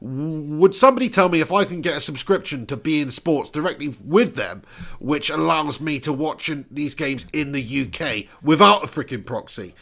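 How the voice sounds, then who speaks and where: رجل بلهجة جنوب إنجلترا، صوت عالٍ نسبياً. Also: male voice, fairly high pitch, animated, moderate pace, fairly bright tone. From Dorset, England. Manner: casual, chatty, swears freely. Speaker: football watch-along host. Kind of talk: live-stream commentary and chat.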